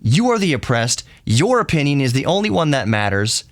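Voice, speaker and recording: A man's voice: medium pitch, very animated, a little fast, no echo, studio quality. A man hosting a podcast, talking in an earnest and heated solo monologue, often repeating and restarting his phrases. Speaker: podcast host.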